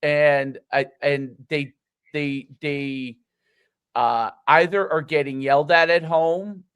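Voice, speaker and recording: Male podcast co-host, halting and self-correcting, slightly high voice, dry close sound. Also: steady tone, fairly bright tone, clean tone, no room sound. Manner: halting, searching for words with many restarts. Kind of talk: casual podcast conversation.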